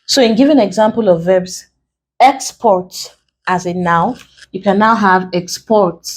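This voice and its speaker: A woman with a Nigerian English accent tutoring an exam-prep lesson, slow and deliberate, repeating key points as she writes on a board. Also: mid-range voice, rough recording.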